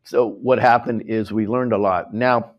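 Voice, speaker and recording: Low-voiced American man addressing a crowd. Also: fairly even intonation, unhurried, highs cut off. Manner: emotional, rambling, acts out quoted voices. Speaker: host speaking to a live audience. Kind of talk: speech at a live tour event. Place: event hall with an audience.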